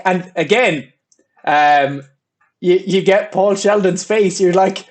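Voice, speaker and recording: A man hosting a casual film review podcast, talking in an animated way. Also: high voice, takes it slowly. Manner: animated, acts out scenes. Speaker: podcast host.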